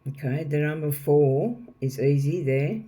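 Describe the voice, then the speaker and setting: A man's voice: a little high, measured pace, warm tone. A man giving a casual, rambling tarot reading to viewers, repeating himself and often checking in with "okay?". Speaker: tarot reader.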